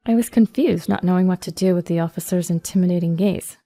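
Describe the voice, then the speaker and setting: A woman narrating a first-person story in an even, measured reading voice. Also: on the low side, dry recording.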